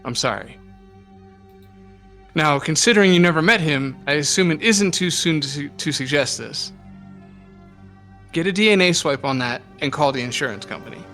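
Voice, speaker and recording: A man's voice: on the high side, expressive, normal speed, pauses often, sharp tone, faint music behind. A man putting on a wry Scottish barman. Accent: put-on Scottish. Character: friendly Scottish male bar helper.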